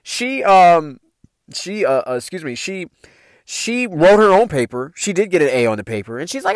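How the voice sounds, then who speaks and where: A man's voice: a little high, brisk, dry recording. Guy telling stories on his podcast, cussing a lot, voice jumps all over, dry close mic. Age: adult parent. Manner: profane, animated, loose street slang. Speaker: podcast host. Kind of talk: casual storytelling.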